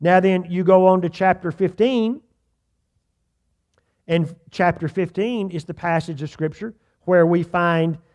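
A man with a fairly high voice preaches to his congregation in a church. He reads scripture slowly and with weight, then turns and asks his listeners direct questions. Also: a little mellow. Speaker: pastor. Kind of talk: sermon. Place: church sanctuary.

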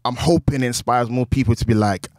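A young man with a London accent, chatting casually on a podcast as a guest, animated and full of streetwise slang. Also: medium pitch, quick pace, no echo, studio quality. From England. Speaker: guest, wrestling news presenter.

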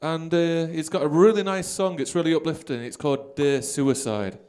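A man's voice: on the high side, moderate pace, a little mellow. A man hosting a live comedy talk show, easygoing and agreeable, going along with his guests. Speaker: host. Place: bar venue with live audience.

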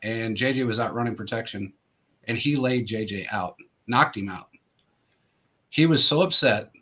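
A man's voice: lowish voice, normal speed, sharp tone. A male host telling rambling sports anecdotes in casual chat, full of fillers and restarts.

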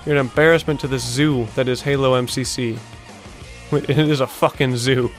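A young man hosting a video-game montage reaction, talking casually, swearing often and bursting out in excited disbelief. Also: mid-range voice, normal speed, faint music behind. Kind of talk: casual gaming reaction commentary.

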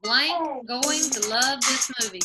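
A woman's voice: high-pitched, takes it slowly, over loud music. A woman teacher on a video call, reviewing a grammar quiz with her class and patiently spelling out answers. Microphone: laptop video call.

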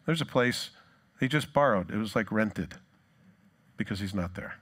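A male pastor preaching a sermon, retelling scripture in a lively storytelling way and briefly acting out the people in it. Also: fairly low pitch, moderate pace. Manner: animated storytelling, acts out quoted lines.

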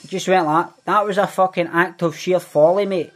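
Putting on a Glaswegian Scottish accent, a man plays a cocky, foul-mouthed young Glasgow ned in a scripted comic monologue, boasting and swearing heavily. His voice is high and natural, with a steady tone and a moderate pace, over soft background music.

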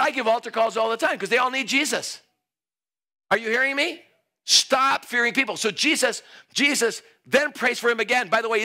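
A man preaching a sermon, telling a story, laughing and rising to shouts. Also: high voice. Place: church hall.

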